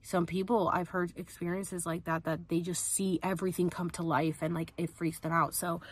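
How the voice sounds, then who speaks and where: In a flat delivery at normal speed, a young woman with a lowish, slightly rough voice tells a personal story on her podcast. She's chatty and casual, leans heavily on "like" and acts out the quotes.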